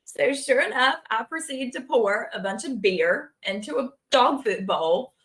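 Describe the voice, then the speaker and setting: A woman's voice: on the high side, animated, measured pace, a bit bright. A woman, a homesteader guest on a podcast, telling stories in an upbeat, wry way and laughing often. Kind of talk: casual storytelling.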